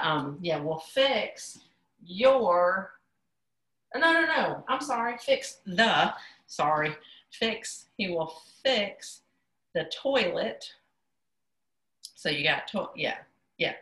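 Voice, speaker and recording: A woman's voice: sits low, fairly bright tone. Chatty woman teaching over a roomy video call. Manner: chatty, self-correcting, says "y'all" and "yep" often. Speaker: sign language instructor. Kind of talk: casual online class teaching. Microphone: computer mic on a video call. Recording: echoey room on a video call.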